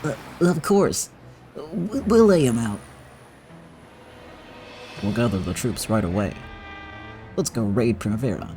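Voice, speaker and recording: A man's voice: mid-range voice, animated, unhurried, pauses often, mellow, soft background music. A man doing a stammering nervous henchman. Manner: stammering, hesitant.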